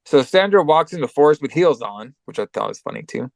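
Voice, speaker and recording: A man's voice: on the high side, expressive, a little fast, vocal fry, dry recording. A man co-hosting a podcast, casually recapping a movie in a rambling, profane way and acting out lines. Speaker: podcast co-host.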